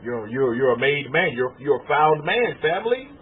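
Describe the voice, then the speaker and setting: A man preaching a sermon as rabbi, animated and repetitive, calling his listeners family. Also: fairly high pitch, moderate pace, breathy edge. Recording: tinny phone-like sound.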